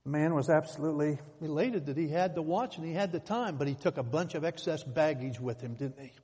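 A man's voice: a little high, fairly quick, warm tone, slightly rough. Preaching man in a reverberant hall. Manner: storytelling preacher, emphatic swells. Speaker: pastor. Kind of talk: sermon.

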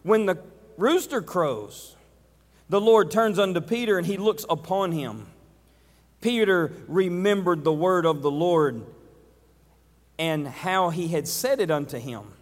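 A male preacher with a high voice gives a sermon and retells scenes dramatically, acting them out as he goes. His words ring with long reverb in a church hall. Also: unhurried.

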